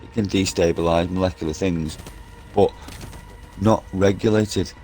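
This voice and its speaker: A man's voice: deep voice, fairly even intonation, unhurried, warm tone, faint music behind. A man in an online game party chat, ranting nonstop in a profane, repetitive and insistent way over a headset. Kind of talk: rambling conspiracy rant.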